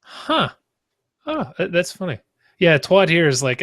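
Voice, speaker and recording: A man's voice: on the high side, big pitch swings, unhurried, a bit bright. An American man hosting a podcast, laid-back and casual, swearing and laughing along with his guest. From United States. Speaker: podcast host.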